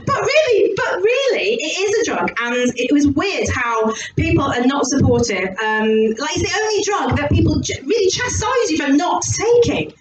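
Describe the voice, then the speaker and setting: A woman comedian tells crude stories on stage, giggling as she goes. Her voice is high and swoops widely up and down. The sound is echoey and distant, with noise in the room. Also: normal speed, hardly any pauses. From Somerset, England. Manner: animated, giggly, crude storytelling. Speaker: stand-up comedian. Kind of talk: stand-up comedy set.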